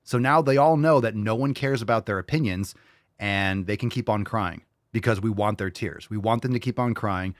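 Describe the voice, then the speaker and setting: A man's voice: lowish voice, normal speed, no room sound, clean studio sound. A man hosting a podcast, reacting to clips with mocking, profane, ranting political commentary. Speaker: podcast host.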